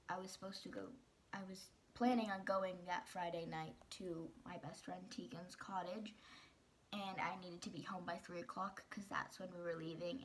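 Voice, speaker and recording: A woman's voice: lowish voice, a little hiss or hum. A teenage girl candidly telling a personal story in a vlog, rambling with fillers and restarts. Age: teens. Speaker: vlogger.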